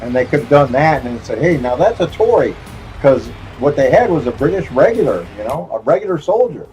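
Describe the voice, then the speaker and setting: A man's voice: mid-range voice, animated, quick pace, darkish tone, soft background music, rough recording. A man streaming a game, chatting casually in a rambling, joking way and chuckling often. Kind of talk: casual chat while gaming.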